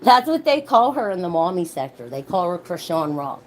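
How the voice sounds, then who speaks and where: A woman's voice: fairly low pitch, sing-song, normal speed, darkish tone, slight background noise. A young woman vlogger in a heated, profane rant, commenting on another mother. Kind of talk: ranting commentary vlog.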